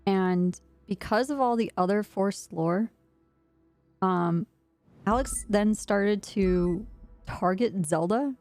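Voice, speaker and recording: A woman streamer telling a rambling story in casual chat while she plays, and she laughs often as she talks. Her pitch sits in a middle range. Faint music plays in the background. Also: slow, a little mellow.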